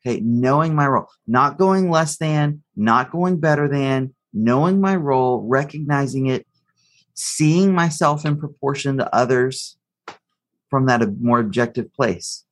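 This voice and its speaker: A man's voice: mid-range voice, a little slow. A man answering as an expert guest in an interview, explaining psychology through a story he tells step by step. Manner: storytelling, acts out the quotes of the figures in the story.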